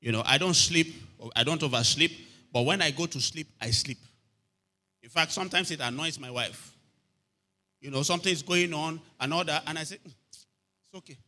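A pastor preaches a sermon through a story, repeating phrases and often asking listeners, "are you hearing me?" His voice is a little high and bright, with a forceful tone at normal speed.

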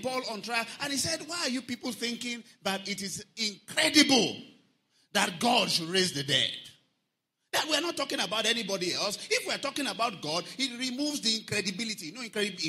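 Preacher guy, high voice, really bright, goes singsong when he preaches. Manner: animated preaching, sing-song emphasis, asks the congregation questions. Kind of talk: sermon.

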